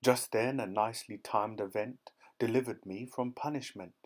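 A man narrating rhyming children's poems in a rhythmic, expressive audiobook reading. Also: on the low side, moderate pace.

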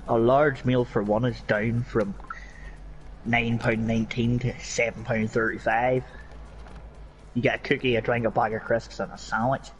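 A man's voice: mid-range voice, flat delivery, normal speed, slight background noise, poor audio. A young Northern Irish man chatting casually while gaming, sweary and rambling. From Northern Ireland. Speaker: gaming streamer.

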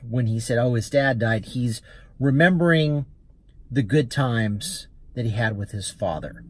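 Guy with a husky voice casually telling a rideshare story to camera, chatty. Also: on the low side. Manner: chatty, recounting an anecdote with quoted dialogue. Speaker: rideshare driver vlogger.

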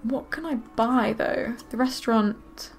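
Woman, casual gameplay commentary host; high voice, excitable, gushing. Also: slow pace, a little hiss or hum. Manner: excitable, gushing, squeals with delight. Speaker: gaming video host.

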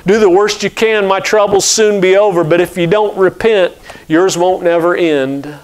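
A man voicing a calm, pious old enslaved man who speaks in an earnest, pleading way while reading a story aloud in a sermon. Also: sits high, moderate pace, natural voice.

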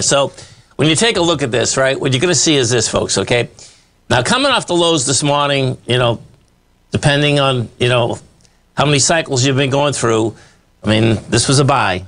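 Walking viewers through charts in a live stock market show, this male host has a medium-pitched, fairly bright voice. His delivery is folksy, emphatic and meandering, with "okay" and "bottom line" coming up again and again.

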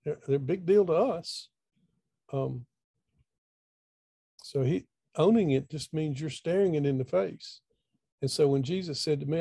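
A man's voice: fairly high pitch, normal speed, vocal fry, long pauses, dark tone, slightly rough, no echo. A middle-aged man, telling a story in a folksy, conversational way over a video call, often repeating words as he thinks. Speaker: speaker. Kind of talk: storytelling talk.

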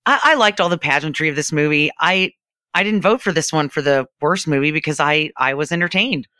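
A podcast panelist chats casually in a frank, dismissive way. The voice is bright and forceful. The sound is dry and close. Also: mid-range voice, a little fast, dry recording.

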